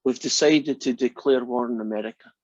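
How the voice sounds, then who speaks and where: A man's voice: medium pitch, brisk, darkish tone, dry recording, highs cut off, lightly acted. A man voicing a boastful Scottish prime minister in a joke, breezy and dismissive.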